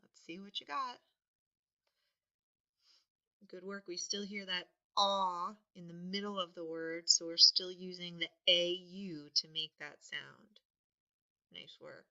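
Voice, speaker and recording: A woman teaching a spelling lesson, patiently sounding words out and stressing each one loudly. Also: lowish voice, steady tone, measured pace, clear, resonant tone. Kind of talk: slow, deliberate spelling lesson. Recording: dull lo-fi recording.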